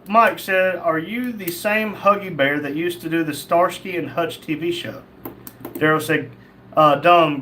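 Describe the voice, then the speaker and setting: A man's voice: a little high, pushed and bright, a little hiss or hum. Blunt man reading live chat. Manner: blunt, crude and joking. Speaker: livestream host. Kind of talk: casual livestream chat, reading comments.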